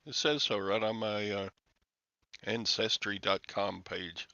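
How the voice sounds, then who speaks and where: Older man, livestream host; bright, forceful gravelly voice, slow rambling chat. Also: lowish voice, fairly even intonation, dry recording. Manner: rambling, chuckling, sighing. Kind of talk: casual chat with viewers. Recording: dull lo-fi, dry sound.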